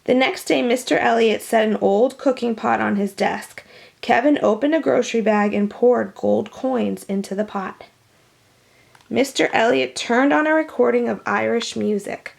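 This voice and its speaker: A woman reading a children's picture book aloud, pausing to explain words for children. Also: fairly high pitch, creaky. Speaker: storybook reader.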